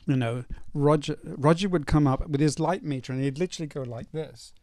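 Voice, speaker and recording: Older man, film director, gravelly voice, mellow tone, rambling anecdotes, lots of fillers. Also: on the high side, fairly quick, no room sound. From North East England. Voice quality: gravelly, relaxed storyteller with many fillers. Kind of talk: casual stage Q&A. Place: cinema auditorium.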